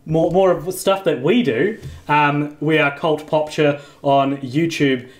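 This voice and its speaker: A man with a New Zealand accent hosting a podcast, laid-back and quick to laugh in casual chat. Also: a little high. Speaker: podcast host.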